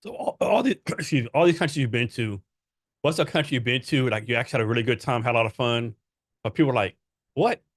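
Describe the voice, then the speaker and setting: Fast-talking male podcast host. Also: mid-range voice, no room sound, studio quality. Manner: rambling, playful questions with filler words. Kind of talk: casual interview questions.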